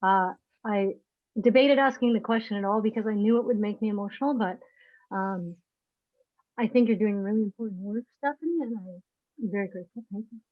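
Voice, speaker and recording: A woman caller, emotional and close to tears, speaks haltingly as she hunts for words. Her voice comes through a dull lo-fi remote line. The sound is dry and close. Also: medium pitch, dry recording. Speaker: audience member asking a question. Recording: dry, dull lo-fi call audio.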